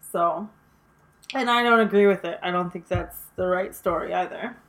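A young woman in casual chat about horror films, animated, swearing freely and using lots of fillers. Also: on the low side, normal speed.

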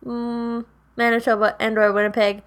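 A young woman co-hosting a podcast, teasing with dry, deadpan jokes. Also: on the high side, moderate pace, clean tone. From Canada. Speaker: podcast co-host. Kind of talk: casual podcast chat.

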